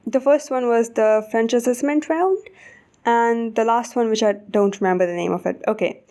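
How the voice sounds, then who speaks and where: A woman with an Indian accent telling a casual storytime, animated and swearing often. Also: fairly high pitch, normal speed. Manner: animated, swears often, rising to indignant outbursts. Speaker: vlogger.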